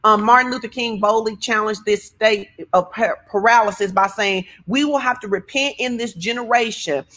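Animated, conversational woman preacher. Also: on the high side, moderate pace. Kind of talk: sermon-style church talk.

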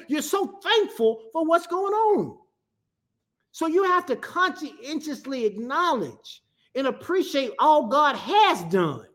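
A middle-aged woman pastor delivers a sermon in a high voice. Her pitch rises and falls with lively swings as she preaches. She calls on the congregation to answer back. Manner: preaching with call-and-response to the congregation.

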